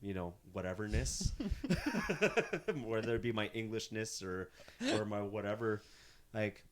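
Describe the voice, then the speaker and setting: Loose-talking rambling guest from Northern Ontario. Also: male voice, fairly low pitch, steady tone, normal speed, slight background noise. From Northern Ontario, Canada. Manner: loose, rambling, full of restarts and swearing. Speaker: podcast guest, musician. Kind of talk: casual storytelling chat.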